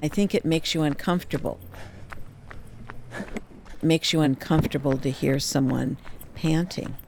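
A woman's voice: sits low, measured pace, vocal fry, a little mellow, slight background noise. A woman dance scholar explaining her ideas in a thoughtful, reflective interview.

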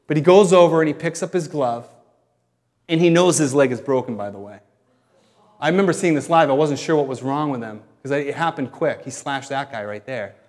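Conversational male pastor in a reverberant hall. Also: mid-range voice. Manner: conversational, explains with pauses and restarts. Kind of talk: sermon.

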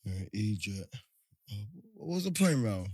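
A young man in casual chat, joking and teasing with quick interjections. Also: fairly low pitch, very animated, a little mellow, slightly rough, no echo, clean studio sound.

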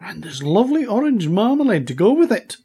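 Man doing a gentle, kindly mum. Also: sits high, sing-song, a little fast, husky, voice pushed up, full character voice. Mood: coaxing. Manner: gentle, coaxing. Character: kind, generous middle-aged mother.

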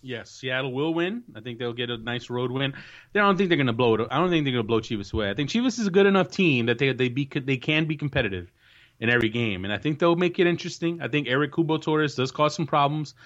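A man's voice: mid-range voice, expressive, fast, a bit bright. A man hosting a soccer podcast, chatting casually and confidently giving match predictions, often restarting his sentences. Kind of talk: casual sports chat. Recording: dull lo-fi recording.

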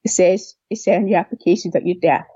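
A young deaf woman telling a long personal story in an interview, replaying what people said to her with lively voices. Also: on the low side, fast talker, husky, no room sound, highs cut off. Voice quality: deaf speech. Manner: rambling, animated retelling of dialogue. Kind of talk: casual storytelling.

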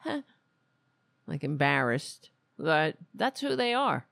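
Podcast host, casual political commentary, lively swooping pitch, slow delivery, blunt rambling talk. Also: gravelly, no room sound. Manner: blunt, rambling, with many restarts. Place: lives in Queens, New York.

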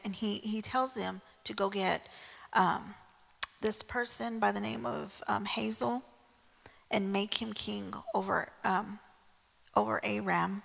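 A woman's voice: medium pitch, steady tone, slow, gravelly, fairly bright tone, in a large hall. A woman preaching a casual sermon, telling the story in a chatty way with frequent "right?" asides.

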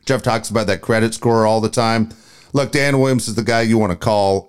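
A man co-hosting a talk radio show, reading sponsor ads and repeating phone numbers like a pitchman. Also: fairly even intonation, normal speed, smooth. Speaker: radio co-host. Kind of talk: talk radio live ad reads.

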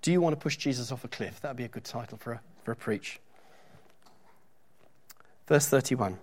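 A man's voice: mid-range voice, moderate pace, long pauses. A middle-aged man preaching a sermon in a church, talking conversationally with joking asides and reading scripture aloud with emphasis.

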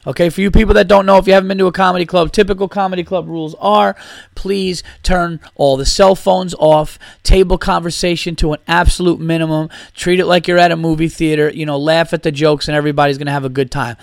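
A man with a somewhat high voice telling a story as a casual rant, animated and profane. His recording is dry and close, with no room sound. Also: brisk, creaky, dry recording. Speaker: comedian and podcast host.

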